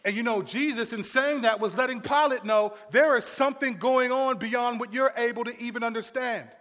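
A man preaching a sermon to a congregation, moving between hushed passages and shouted storytelling. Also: very high-pitched, normal speed, long reverb tail. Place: large room with congregation.

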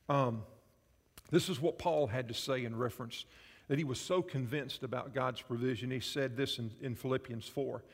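A man's voice: mid-range voice, moderate pace. A man preaching a sermon as pastor, telling personal stories and asking the congregation questions. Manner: storytelling with quoted voices and audience questions. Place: church sanctuary. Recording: church hall reverb.

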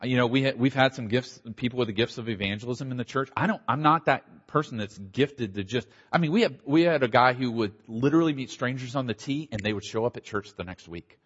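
A man's voice: medium pitch, breathy edge. Field: conference talk. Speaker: middle-aged man, pastor, slight Southern accent. Sound: dull recording, long hall reverb. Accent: slight Southern American. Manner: conversational, animated with quick asides. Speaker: pastor and church planter. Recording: dull audio in a large hall.

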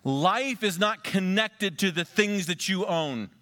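Lively, bright-voiced preaching man. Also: high voice, takes it slowly. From Western Pennsylvania. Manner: conversational preaching with rhetorical questions. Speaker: pastor. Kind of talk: sermon.

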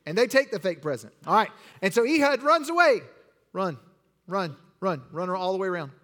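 A man teaching children a Bible lesson, acting out the story and directing the kids with quick, repeated commands. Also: high voice, very animated, a bit bright. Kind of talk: interactive acted-out Bible lesson. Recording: long hall reverb.

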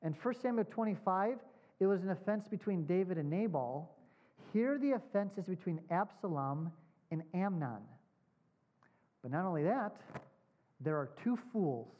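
A man preaching a sermon. He asks his congregation questions, repeats points with emphasis and slows down on key words. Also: high-pitched, lively intonation. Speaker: pastor. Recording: dull lo-fi sound.

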